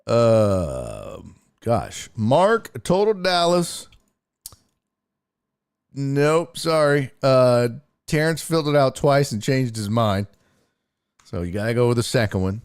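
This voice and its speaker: A man hosting a casual sports live stream, talking in an animated, incredulous way and swearing freely. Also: mid-range voice, slow pace, long pauses, smooth. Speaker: sports show host and streamer.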